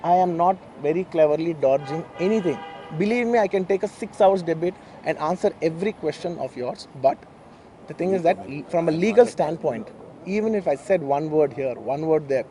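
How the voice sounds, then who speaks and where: Fast-talking emotional man with Indian accent. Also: fairly high pitch, lively intonation, dark tone, a little hiss or hum. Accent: Indian English. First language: Telugu. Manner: emotional, earnest, repeats himself. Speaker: film actor at a press meet. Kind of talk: press conference statement.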